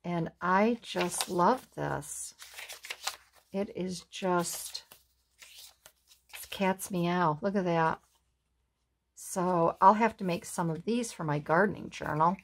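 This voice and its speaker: A woman crafter doing an unboxing, gushing admiringly and filling pauses with fillers. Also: on the low side, slight background noise. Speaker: craft vlogger. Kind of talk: unboxing show-and-tell.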